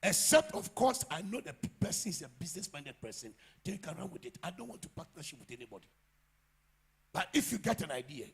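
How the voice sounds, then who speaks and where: A man with a Ghanaian English accent preaching a sermon as pastor, swinging from quiet asides to loud shouts. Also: high voice, big pitch swings, fast, gravelly, breathy edge. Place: church.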